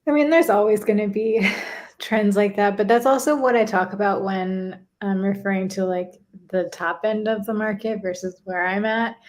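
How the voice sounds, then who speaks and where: A woman's voice: medium pitch, moderate pace. A woman in her thirties, a podcast guest talking casually about her art career, chatty and laughing often. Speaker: podcast guest, gallery curator. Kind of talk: casual chat.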